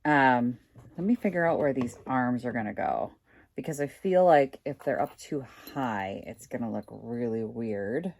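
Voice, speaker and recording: Crafting vlogger, woman, low pitch with wide swings, loose chatty delivery, faint Southern American accent. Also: lively intonation, unhurried, creaky, a little mellow. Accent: slight Southern American, slips in and out. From United States. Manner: chatty, thinks aloud while working. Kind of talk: casual crafting chat.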